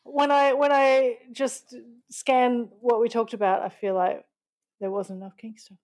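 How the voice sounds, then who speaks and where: An Australian woman talking as a podcast guest. Her voice sits a little high, and she speaks bluntly, laughs often and swears freely. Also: flat delivery, measured pace, a little mellow. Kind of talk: casual chat.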